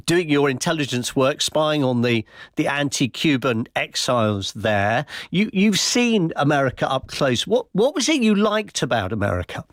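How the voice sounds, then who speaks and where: Brief: English radio news host, measured questions, dry close studio sound. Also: male voice, fairly high pitch, sing-song, dry recording. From West Country of England. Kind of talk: radio interview hosting.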